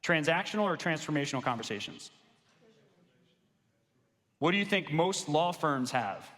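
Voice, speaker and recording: A man coaching law firm owners in a live sales presentation, energetic and casual, with slangy asides. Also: on the high side, moderate pace. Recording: long reverb of a large hall.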